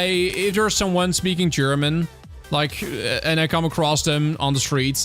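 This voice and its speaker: A man's voice: a little high, a bit bright. Chatty Dutch-accented man on a livestream. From Netherlands. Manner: chatty, reads and answers viewer chat, many fillers and restarts. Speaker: streamer. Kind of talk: casual livestream chat.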